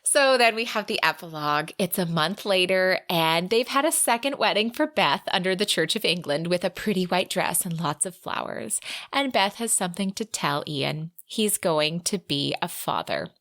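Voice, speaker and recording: Lower-voiced woman briskly recapping a novel. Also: animated, fairly bright tone, dry recording, clean studio sound. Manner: brisk summarizing, reads quotes aloud. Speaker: podcast co-host. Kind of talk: casual book recap with read-aloud quotes.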